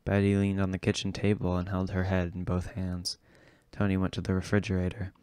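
A man reading a novel aloud in a steady, low-key way. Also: a little fast, clean tone, dry recording. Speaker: audiobook reader.

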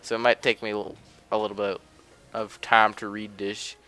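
Speaking into a desk mic at normal speed, a young man comments casually on his gameplay and frequently grumbles offhandedly in chatty let's play style. His voice is lowish and level in tone, bright and forceful.

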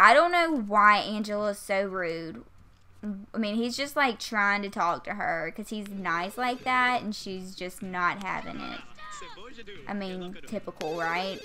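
A woman's voice: medium pitch, sharp tone. A woman in her twenties giving chatty, giggly gameplay commentary into a desktop mic, full of "like" and mild swearing. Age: 20s. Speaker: gaming YouTuber. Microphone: USB desktop microphone.

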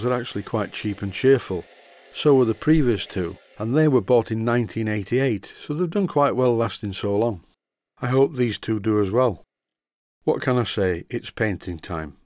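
An older man with a mild Yorkshire accent, narrating a workshop tutorial in a measured voice with deadpan dry humor. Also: fairly low pitch, no room sound. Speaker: model engineering tutorial host.

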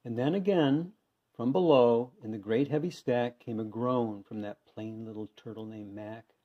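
A man reading a children's picture book aloud with lively, expressive delivery, on a dull lo-fi recording. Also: medium pitch, moderate pace. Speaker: reader. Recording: dull lo-fi sound.

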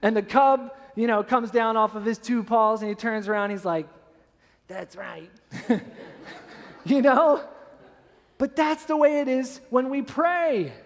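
A man, a pastor, preaching a sermon with animated storytelling, acting out scenes. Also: very high-pitched, moderate pace, in a large hall. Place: church sanctuary.

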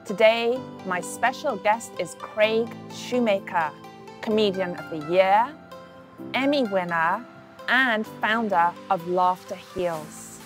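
Measured interview host, faint music behind. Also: female voice, medium pitch. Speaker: talk show host. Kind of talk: scripted intro and interview questions.

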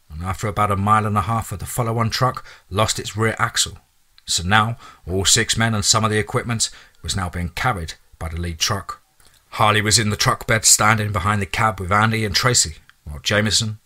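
A man narrating a scripted horror story in a steady storytelling manner. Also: on the low side.

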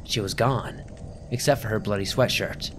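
A man narrating a first-person horror story in a tense, dramatic delivery, dropping to a hush at times. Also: fairly low pitch, moderate pace, slight background noise.

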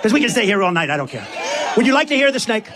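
A political candidate addresses a live crowd at a rally, giving a rambling, repetitive campaign speech straight to them. His voice is high, very animated and racing, with background noise behind it.

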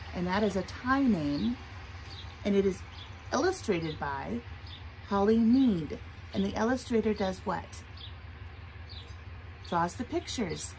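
A woman preschool teacher leading circle time from her porch, speaking gently and sing-song, asking the children questions. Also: mid-range voice, rough recording. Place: front porch outdoors. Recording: outdoor traffic and rain noise. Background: passing trucks and rain.

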